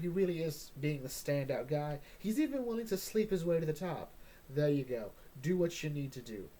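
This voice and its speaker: A man's voice: fairly high pitch, dark tone, a little hiss or hum. A man hosting a casual comic book chat, joking and rambling, often tagging on "all right?". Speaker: comic book podcast host.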